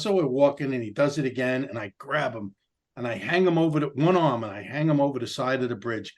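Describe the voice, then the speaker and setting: A man from Queens, telling profane, animated comedic stories on a podcast. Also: medium pitch, brisk. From Queens, New York. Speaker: podcast co-host. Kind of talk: casual comedic storytelling.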